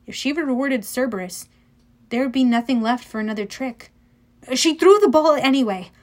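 Woman narrator, high voice, lively first-person audiobook reading. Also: moderate pace.

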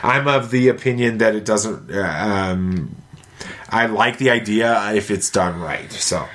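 A man's voice: fairly low pitch, a little slow, fairly bright tone. A middle-aged man hosting a casual family podcast, easygoing and rambling with fillers and restarts. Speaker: podcast host.

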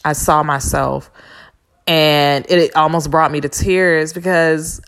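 A woman's voice: sits low, fairly even intonation, slow pace, fairly bright tone. A woman hosting a podcast, telling a personal story in a candid, blunt and profane casual monologue with slangy asides. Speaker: podcast host.

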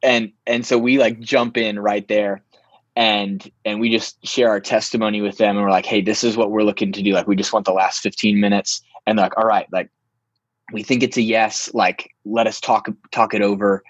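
Young man, casual storytelling, husky low voice, dry dull lo-fi sound. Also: moderate pace, dry recording. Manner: animated, filler-heavy, lots of "like".

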